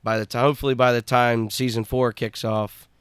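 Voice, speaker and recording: A man's voice: mid-range voice, little pitch movement, clear, resonant tone, no room sound, clean studio sound. Laid-back man hosting a podcast. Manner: laid-back, halting, many fillers. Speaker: podcast host. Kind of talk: casual podcast chat.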